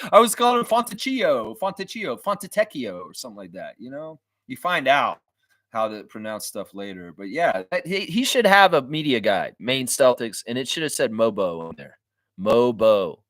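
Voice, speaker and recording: A man's voice: medium pitch, a bit bright, no echo. A man hosting a casual sports fan livestream, rambling and self-mocking, often repeating his words. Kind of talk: casual live-stream chat.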